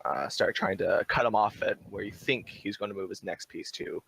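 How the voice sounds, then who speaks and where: A man's voice: on the low side, moderate pace, gravelly, a bit bright, a little hiss or hum, rough recording. A man narrating a tabletop game as dungeon master in a playful way. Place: home room on a live stream.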